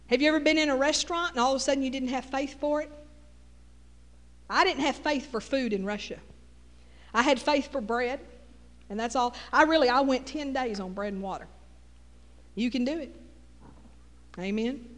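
A woman's voice: high voice, moderate pace, long pauses, in a large hall. A middle-aged woman with a Texas Southern accent, preaching a folksy sermon with call-and-response asides.

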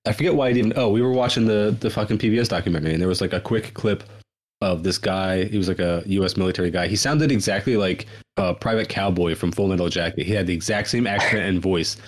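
A man co-hosting a casual political podcast, telling a story in a profane, animated way. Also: deep voice, fast talker. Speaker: podcast co-host.

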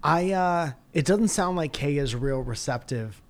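A man hosting a podcast, telling stories in a casual, animated way full of swearing and jokes. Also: a little high, a little slow. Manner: animated storytelling, profane and jokey. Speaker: podcast host. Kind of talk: casual chat.

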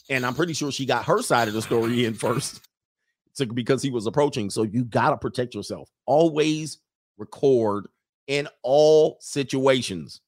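A man hosts a reaction commentary show with emphatic, preachy delivery, repeating lines to drive his point home. His voice sits at a middling pitch, and the sound is close and dry. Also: no echo. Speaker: host.

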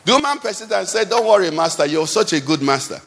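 A man preaching a sermon in a church, with animated, sing-song delivery that swings between loud and soft. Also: sits high, fast talker, creaky. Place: church hall. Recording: long hall reverb.

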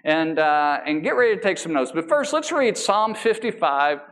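A man preaching a sermon as a pastor, emphatic and animated. He drags out key words for emphasis and slips in casual, joking asides. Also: on the high side, normal speed. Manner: casual asides and self-deprecating humor.

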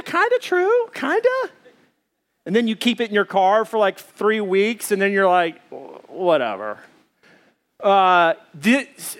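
A man in his thirties preaching a sermon as pastor, telling stories with lively voices for the people in them. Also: high-pitched. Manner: animated storytelling, acts out voices of others. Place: church auditorium with audience.

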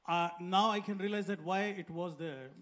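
A man's voice: high-pitched, normal speed, a bit bright. A middle-aged man from India with an Indian accent, English not his first language, earnestly telling his testimony as a guest pastor into a handheld mic. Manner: simple, earnest storytelling. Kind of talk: personal testimony in an interview. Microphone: handheld microphone.

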